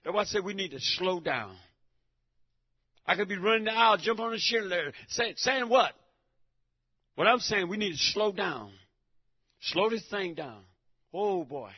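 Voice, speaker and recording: A high-voiced, husky man preaching a fiery sermon in a church. He swings between shouting and near-hushed talk and often stammers and repeats himself. The recording is dull and lo-fi. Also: animated, normal speed, pauses often.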